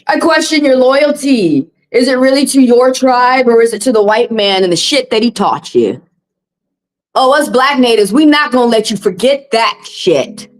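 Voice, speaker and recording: A woman's voice: fairly high pitch, animated, moderate pace, poor audio. Fiery, foul-mouthed woman streamer. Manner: impassioned, profane, blunt. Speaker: tarot reader livestream host. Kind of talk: heated livestream monologue.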